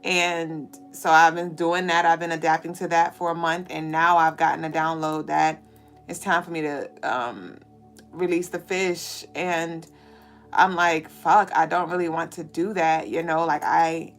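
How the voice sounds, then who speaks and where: A woman's voice: low-pitched, fairly even intonation, unhurried, faint music behind. A woman hosting a spiritual show, talking casually and candidly to viewers, swearing freely while holding back tears. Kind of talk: casual venting monologue to viewers.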